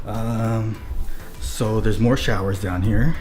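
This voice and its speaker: Hushed low-key man on a house tour. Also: fairly even intonation, very slow, slight background noise. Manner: hushed, low-key, trying to stay quiet. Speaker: vlogger giving a house tour. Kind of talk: casual vlog tour. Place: inside a rental house. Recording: roomy indoor sound with background music.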